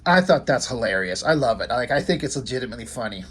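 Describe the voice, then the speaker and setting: A man's voice: medium pitch, animated, fast, slight background noise. A man casually talking through a comic book page by page, rambling and enthusiastic with offhand asides. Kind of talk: casual video commentary.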